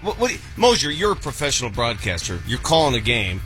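A man's voice: mid-range voice, big pitch swings, brisk, a bit bright, faint music behind. A man co-hosting a sports talk show, arguing his points emphatically. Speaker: co-host.

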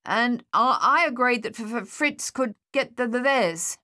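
A woman's voice: mid-range voice, expressive, slow, voice pushed up. A woman voicing a shy young male soldier who stammers, raising her voice well above her own. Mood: halting. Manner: stutters on words.

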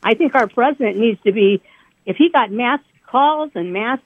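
A woman's voice: fairly high pitch, expressive, moderate pace, no echo. Earnest woman calling in over a phone line. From northern Indiana, US. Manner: earnest, urgent. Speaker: caller. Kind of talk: phone call to radio show.

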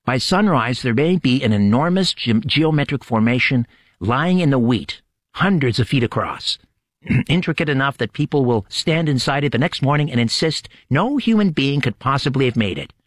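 A man hosts a late-night radio show in a dramatic, storytelling manner. His pitch rises and falls in a lively way. The sound is close and dry, with no room around it. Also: no echo. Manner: dramatic, measured storytelling delivery. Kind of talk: scripted show opening narration.

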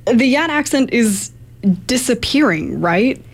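A woman's voice: a little high, big pitch swings, slow. A woman reporter asking concise, curious interview questions.

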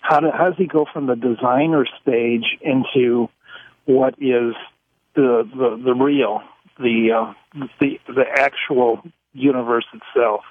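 A man calling in to a radio show, asking a long question in a hesitant, halting way. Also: mid-range voice, fairly even intonation. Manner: hesitant, halting, many restarts. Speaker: caller. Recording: phone line.

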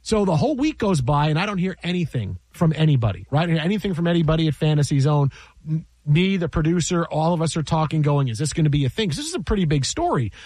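A man's voice: fairly high pitch, big pitch swings, quick pace, a little mellow, no echo. A man who works in sports broadcasting tells a story in casual chat, exasperated, repeating himself and acting out what people said.

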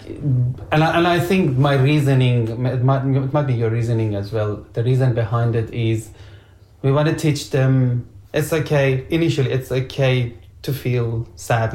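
A man in casual podcast chat, sharing parenting views in a halting way, often repeating words as he thinks. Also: medium pitch, darkish tone. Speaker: parent, co-host. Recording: roomy echo.

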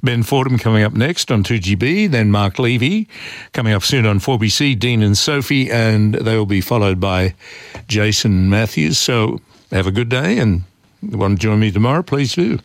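A man's voice: on the low side, normal speed, dry recording, studio quality. Opinionated Australian talkback radio host man. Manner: relaxed and opinionated, reads listener texts.

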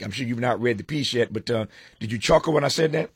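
A middle-aged man hosting a live talk program, speaking in a measured, conversational way with frequent fillers. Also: medium pitch, slightly rough, dry recording, clean studio sound. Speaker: radio talk show host.

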